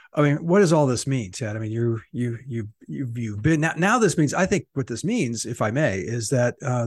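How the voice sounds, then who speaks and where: A man's voice: mid-range voice, breathy edge, no echo, studio quality. A man co-hosting a political discussion podcast who drops wry, sarcastic asides into the conversation. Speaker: podcast co-host, editorial cartoonist.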